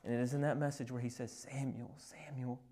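A male pastor preaching a sermon. He retells scripture scenes with conversational asides, swinging from loud emphasis to hushed, near-whispered passages. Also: mid-range voice, level tone, very fast.

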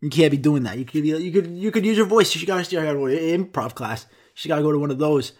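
A man's voice: a little high, quick pace, a little mellow. A young man with an American accent and a Greek-speaking childhood, telling rambling, profane stories to his viewers in a casual vlog. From United States. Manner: rambling, profane, self-mocking. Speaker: vlogger. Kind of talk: casual storytelling monologue.

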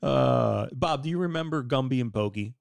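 A man's voice: medium pitch, moderate pace, creaky, no echo. A man hosting a casual podcast, bantering and joking with his co-hosts and laughing often. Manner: jokey, animated banter with frequent laughs. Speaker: podcast host. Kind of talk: casual chat.

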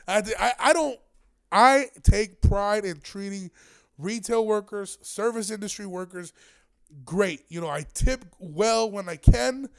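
A man's voice: sits high, a little slow, smooth. A man in his twenties telling a rambling, profane, slang-heavy story in casual chat. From Aurora, Illinois area.

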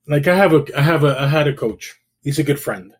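A man's voice: on the high side, brisk. Middle-aged man from El Salvador, candid storyteller, casual podcast guest. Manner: candid, storytelling, frequent "you know" and restarts. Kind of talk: casual conversation.

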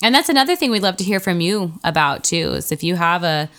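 A woman co-hosting a podcast in casual chat, upbeat and quick to laugh. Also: on the low side, animated, a bit bright. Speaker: podcast co-host.

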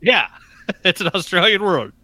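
A man co-hosting a podcast who teases his friends and swears as he goes. His voice is bright and slightly high for a man. It sounds dry, with no room echo. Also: sing-song, normal speed. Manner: teasing and profane. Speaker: podcast co-host. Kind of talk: casual chat.

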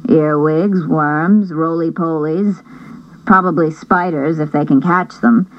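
A woman voicing a calm, gentle father who speaks softly and patiently. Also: low-pitched, takes it slowly, muffled recording. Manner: soft, patient.

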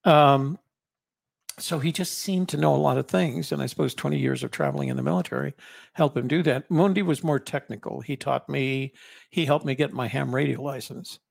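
A man's voice: medium pitch, moderate pace, vocal fry, dry recording. An older man, a podcast co-host, telling rambling personal stories in casual conversation, with frequent restarts and fillers.

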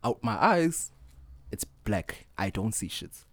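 A young man co-hosting a podcast, telling stories in casual chat and acting out what people said, often breaking into loud laughter. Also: on the low side, slow, creaky, no room sound. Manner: animated storyteller, acts out quotes, laughs loudly. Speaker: podcast co-host.

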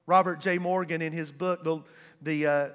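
Male pastor, high tenor, unhurried call-and-response preaching, reverberant sanctuary. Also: fairly even intonation, fairly bright tone, clear, resonant tone. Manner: call-and-response preaching, drawn-out emphatic words. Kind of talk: sermon. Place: church sanctuary.

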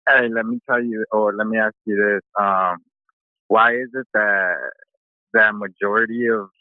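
A man's voice: fairly low pitch, fairly even intonation, unhurried, dry recording. A man calling in to a talk show, blunt and casual with slang. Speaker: caller. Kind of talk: phone call-in chat. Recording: phone line.

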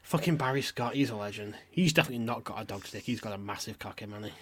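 A man's voice: fairly low pitch, fast, very noisy. A man co-hosting a podcast, bantering crudely, swearing and laughing often.

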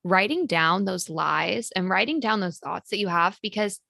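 A woman's voice: medium pitch, moderate pace, creaky, bright, forceful tone, no room sound. Woman, podcast host, casual chat, lots of "like", dry recording. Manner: chatty, practical, frequent "like" fillers.

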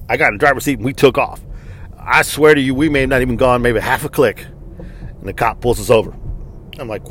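A man's voice: mid-range voice, slight background noise. A man from Texas telling a personal story in a frank, conversational way, with blunt swearing. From Texas, United States. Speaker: interviewee.

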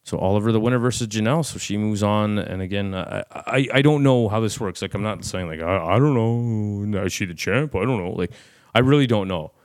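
A man hosting a fight podcast, chatting casually, rambling and excitable, full of restarts and fillers. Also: fairly low pitch, a little fast, no echo, clean studio sound. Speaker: podcast host and fight commentator.

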